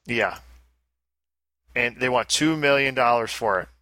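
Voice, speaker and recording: A man hosts a casual podcast and works through listener mail with dry, wry asides. His voice is bright and sits at a middle pitch, and the sound is dry. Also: a little slow, dry recording. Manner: wry, reads emails aloud with asides. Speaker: podcast host.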